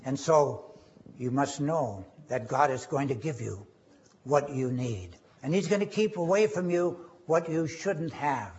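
A man preaching a sermon, quoting scripture and rising in pitch and force on key phrases. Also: animated, unhurried, darkish tone. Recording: dull lo-fi recording.

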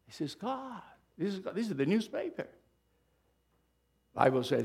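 A middle-aged male pastor preaching a sermon, swinging from loud, emphatic bursts to hushed asides. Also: mid-range voice, animated, moderate pace, vocal fry, husky.

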